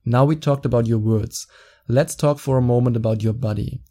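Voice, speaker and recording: In a casual solo podcast episode, the young host talks fast and excitedly as he gives advice. His voice is medium-pitched, and he's quick to laugh.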